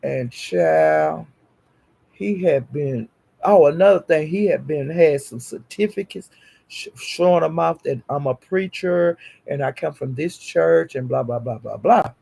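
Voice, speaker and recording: A man telling a gossipy story in a casual, animated way. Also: fairly high pitch, unhurried, creaky.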